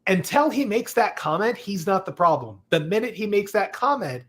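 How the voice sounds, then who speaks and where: A man whose voice sits high, slightly bright and sing-song, speaks at a moderate pace. He's on a live show explaining a couple's personality profiles, staying analytical and playful while acting out the things they say to each other.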